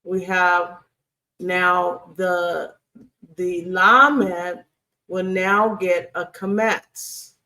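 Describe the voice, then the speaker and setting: A woman's voice: on the low side, fairly even intonation, extremely slow, pushed and bright, far from the mic. A woman teaching a recorded Hebrew grammar lesson over slides, patient and repetitive, checking in with "okay?" as she goes. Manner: patient, repeats key points, many fillers and checks like "okay?". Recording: voice set back from the mic.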